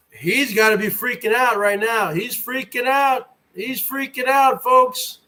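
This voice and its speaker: A man's voice: very high voice, sharp tone. A man hosting his own livestream, ranting in a brash, mocking way with plenty of swearing. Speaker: livestream host. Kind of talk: boastful rant.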